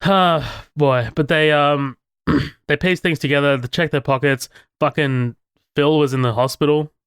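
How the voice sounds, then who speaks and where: Dude on a movie podcast, cussing and laughing, smooth clear voice, dry close sound. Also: male voice, a little high, fairly even intonation, a little slow, a bit bright, dry recording. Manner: swears freely, laughs a lot, rambling. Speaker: podcast co-host. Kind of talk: casual movie discussion.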